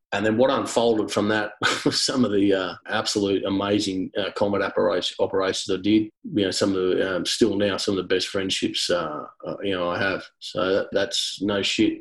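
A man's voice: on the low side, rough recording. An Australian man, a former soldier, telling war stories in a laid-back, casual way with many fillers and some swearing. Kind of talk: casual storytelling.

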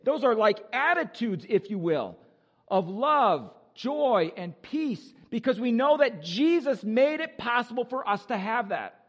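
A male pastor preaching an animated, joking sermon with exuberant energy. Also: very high-pitched, measured pace, big-room sound, muffled recording.

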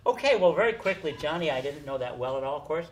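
An older man telling casual anecdotes, animated, acting out the people he quotes. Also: a little high, fast, slight background noise. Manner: animated storyteller, acts out quotes. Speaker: storyteller guest.

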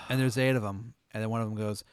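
A man's voice: on the low side, clear, resonant tone, no room sound, studio quality. A man in casual chat who tells a playful, absurd hypothetical story.

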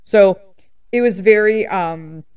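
A woman's voice: medium pitch, takes it slowly, darkish tone, clean tone. A woman in her fifties hosting a podcast, telling personal stories in a blunt, sassy, emphatic way and laughing at herself. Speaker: podcast host. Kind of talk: casual storytelling monologue.

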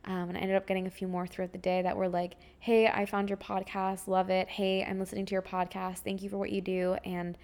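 A woman's voice: mid-range voice, monotone, fairly quick, hardly any pauses, darkish tone. A young adult woman hosting her own podcast, giving a heartfelt, rambling casual update with many fillers. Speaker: podcast host.

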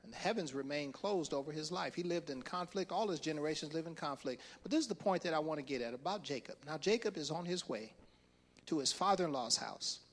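A man's voice: on the high side, expressive, fast talker. A male pastor preaching a sermon, retelling a story with acted-out voices and frequent chuckles.

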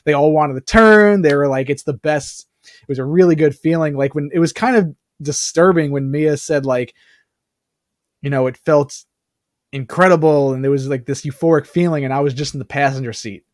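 A man co-hosting a podcast, chatting casually about a film in quick, animated bursts with plenty of fillers. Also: a little high, dry recording, studio quality. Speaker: podcast co-host. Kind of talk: casual movie review chat.

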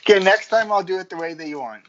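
A man's voice: high-pitched, animated, very fast, a crowd in the background. A man guesting on a podcast in casual chat, hesitant and restarting his sentences, often laughing. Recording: dull lo-fi audio.

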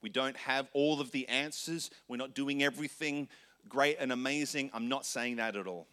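A man who is the senior pastor, preaching a sermon in a loose, conversational way, correcting himself and slipping into quick asides. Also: medium pitch, sharp tone, clean tone.

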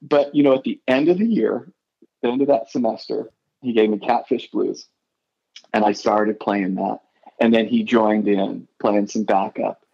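A man's voice: on the low side, steady tone, normal speed, gravelly, dark tone, breathy edge, dull audio. A middle-aged man from Idaho, a guitarist guest, telling rambling stories in a casual interview and often correcting himself.

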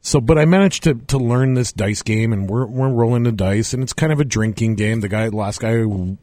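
A man's voice: medium pitch, moderate pace, mellow, no room sound. A man telling a rambling, laughing bar story in casual podcast chat.

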